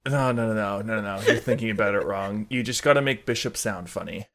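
A man co-hosting a podcast, talking in a playful, animated way in casual chat. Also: fairly low pitch, a little fast. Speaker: podcast co-host.

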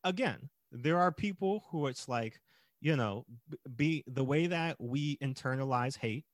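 A man's voice: mid-range voice, a little slow, no room sound, studio quality. A man co-hosting a podcast, retelling and critiquing a movie in casual chat with frequent laughter. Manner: animated, acts out scenes, laughs often. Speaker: podcast co-host.

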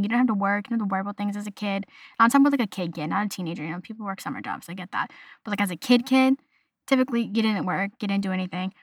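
A young adult woman talking in a casual solo vlog, chatty and animated, slipping into little voices to act out what people say. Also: mid-range voice, no room sound, studio quality. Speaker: vlogger.

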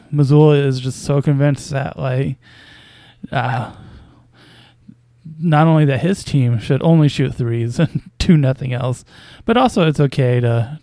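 A man's voice: medium pitch, dark tone, no room sound. A man casually commenting on basketball news as a podcast host, with a hesitant, wry delivery full of fillers and small chuckles.

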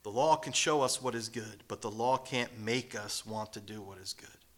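A man preaching a sermon in an emphatic way, swinging from raised declarations down to hushed, whispered lines. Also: lowish voice, moderate pace.

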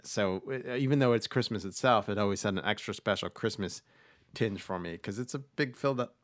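A podcast host with a lowish voice talks fairly quickly about movies, chatting casually and rambling with lots of fillers and restarts. There is no echo.

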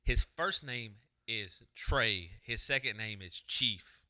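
A young man with a very bright, smooth and clear voice, chatting on a podcast. He tells crude stories and swears freely. He slips into voices to imitate the people he talks about. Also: lowish voice, expressive, slow pace. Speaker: podcast co-host. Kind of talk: casual storytelling chat.

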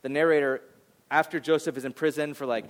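A man with a high voice preaches in a loose, talky way. He swings from bright acted-out voices to quiet, hushed moments as he speaks to his congregation as their pastor. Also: quick pace. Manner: conversational, animated, acts out voices, drops to a near whisper on serious points. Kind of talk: sermon.

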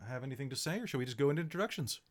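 Guy running a tabletop game, jokey, rambly, lotsa uhs, pitch bouncing around. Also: expressive, very fast. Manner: joking, rambling with many fillers. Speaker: game master. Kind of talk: casual chat before a tabletop game.

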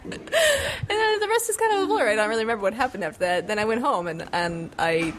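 Giggly woman, lively up-and-down voice, excitable chatter, fan telling her story. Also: medium pitch, very fast, slight background noise. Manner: giggly, gushing, acts out her own reactions. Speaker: fan and film extra. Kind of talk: excited casual chat.

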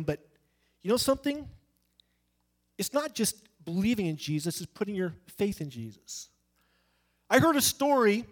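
A man's voice: high-pitched, sing-song, normal speed, long pauses. A man preaching an evangelistic sermon, emphatic and conversational, acting out the voices in his stories. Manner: emphatic and conversational, acts out quoted voices in anecdotes.

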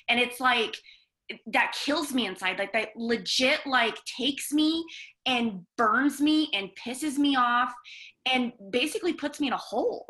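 Candid woman co-host with a bright voice. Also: sits high, unhurried. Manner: open, candid and emotional. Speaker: podcast co-host. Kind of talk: casual podcast interview.

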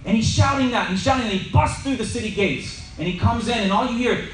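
Animated man teaching in an echoey room. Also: high-pitched, a little fast, distant mic, background noise. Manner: animated, acts out shouting scenes. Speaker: Bible teacher. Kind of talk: teaching sermon.

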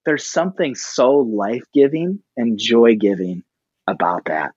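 A middle-aged man, a pastor, telling a personal story casually and animatedly, often jumping up in pitch for the voices he quotes. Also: measured pace, slightly rough, dry recording, muffled recording. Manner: animated, breaks into high-pitched quoted reactions.

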